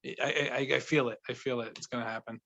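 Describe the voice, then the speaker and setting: A man in his forties from Providence, a guest telling stories in an eager, animated casual chat. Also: mid-range voice, fast, creaky, highs cut off. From Providence, Rhode Island. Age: 40s. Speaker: guest actor and writer.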